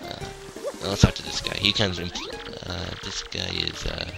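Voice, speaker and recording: A man's voice: deep voice, huge pitch swings, unhurried, gravelly. A man giving casual, hesitant commentary over a role-playing game and reading its dialogue aloud. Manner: hesitant, many fillers and restarts. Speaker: let's play commentator. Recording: game music underneath.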